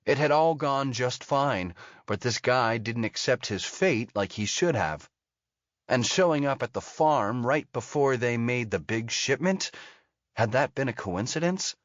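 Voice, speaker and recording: A man narrating an audiobook thriller in an even, steady storytelling manner. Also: mid-range voice, measured pace, no room sound. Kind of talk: scripted narration. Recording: dull lo-fi audio.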